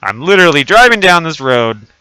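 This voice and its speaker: Wearing a costume mask that barely muffles him on a desk mic, a man in his thirties trades crude, profane jokes with his live-stream viewers. His voice is a little high and a little fast, with big pitch swings and a bright, forceful, clean tone free of room sound.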